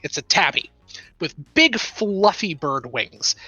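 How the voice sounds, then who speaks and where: A woman game master narrates a tabletop game with a bright, lively voice that rises and falls a lot. She giggles often between descriptions, and her voice sounds close and dry. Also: lowish voice, takes it slowly, breathy edge, no echo, highs cut off, faint music behind.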